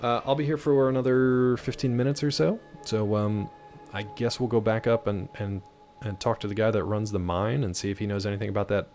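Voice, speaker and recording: A man's voice: fairly low pitch, flat delivery, brisk, hardly any pauses, darkish tone, soft background music. A man streaming a video game, chatting casually in a rambling, laid-back way with many fillers. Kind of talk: casual gameplay commentary.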